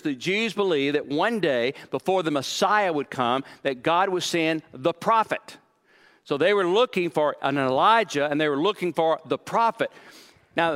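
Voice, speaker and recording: Middle-aged guy preaching, kinda high voice, acts out the quotes, repeats himself a lot. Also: a bit bright. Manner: dramatic, acts out quoted lines, repeats words. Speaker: pastor. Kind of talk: sermon.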